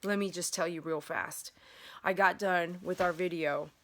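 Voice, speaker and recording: A woman with a drawl talks straight into her phone from her bedroom, rambling and chatty, with plenty of "you know" and "um" along the way. Her voice sits a little low but has a bright, forward edge. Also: fairly even intonation, a little slow, slight background noise. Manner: chatty, rambling, with many fillers and restarts. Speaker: dog groomer and channel host. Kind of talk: casual vlog storytelling. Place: bedroom at home.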